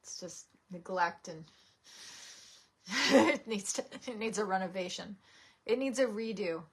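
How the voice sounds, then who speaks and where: A woman's voice: mid-range voice, measured pace, breathy edge. A young woman host chatting casually on a live stream, giggling and reading viewer comments aloud.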